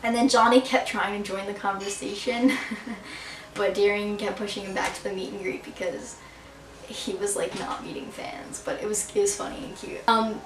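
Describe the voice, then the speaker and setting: A woman's voice: medium pitch, fairly even intonation, far from the mic, slight background noise. Gushing teen girl vlogger, roomy sound. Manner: gushing, fast, full of "like". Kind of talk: excited casual storytelling. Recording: roomy and a bit off-mic.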